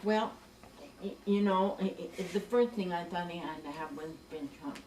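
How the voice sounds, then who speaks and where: A woman's voice: on the low side, a little fast. Woman telling a long joke, echoey. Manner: animated, chatty, with stammers and asides. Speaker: storyteller. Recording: echoey room, distant mic, background noise.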